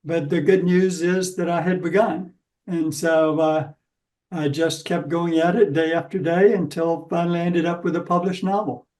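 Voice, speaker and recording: A man's voice: on the high side, flat delivery, normal speed, a little mellow, far from the mic, rough recording. A man in his seventies from Georgia, a guest author answering interview questions in a reflective, hesitant way. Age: 70s. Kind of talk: casual interview talk.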